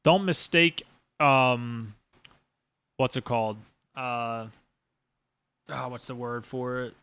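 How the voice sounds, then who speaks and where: A man's voice: medium pitch, fairly even intonation, takes it slowly, a bit bright, clean tone. A man hosting a casual podcast monologue as a streamer, rambling and emphatic with lots of swearing. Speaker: streamer host.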